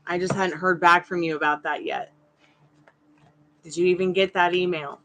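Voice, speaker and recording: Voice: medium pitch, fairly even intonation, moderate pace, fairly bright tone, a little hiss or hum. A tarot reader hosting a live stream, chatting casually with viewers and addressing them by name, firm but polite.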